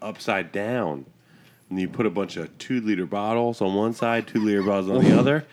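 A man's voice: fairly low pitch, a little fast, a little mellow. A man chatting casually on a podcast, rambling with lots of fillers and laughing often.

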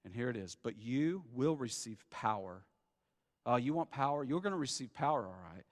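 A man preaching a sermon as pastor, conversational and animated, acting out the people he talks about. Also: medium pitch, normal speed, in a large hall.

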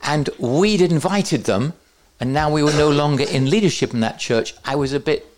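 A man's voice: a little high, normal speed. A man teaching at a church conference, with joking, self-deprecating asides to the audience. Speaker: preacher.

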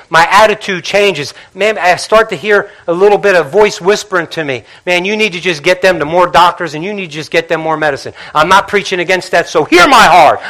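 A male pastor preaching a sermon in a church, swinging between loud emphasis and hushed, intimate asides. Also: high-pitched.

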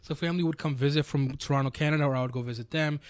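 A New man talks quickly and a bit high, spinning animated stories and swearing freely. His voice sits close and dry on the mic, with no room around it. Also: no echo. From New York. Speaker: podcast co-host. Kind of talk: casual chat.

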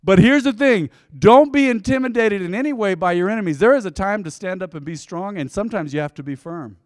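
Pastor telling a sermon story. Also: male voice, high-pitched, expressive, brisk, no echo, clean studio sound, big-room sound. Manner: storytelling preacher, swings from loud exhortation to hushed asides.

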